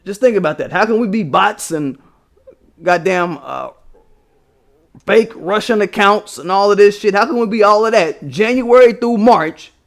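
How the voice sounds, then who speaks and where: A man's voice: high voice, expressive, moderate pace, gravelly. A young man from the United States, hosting a livestream, ranting about politics in a profane, emphatic way with scornful laughs. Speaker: livestream host. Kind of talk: casual political rant.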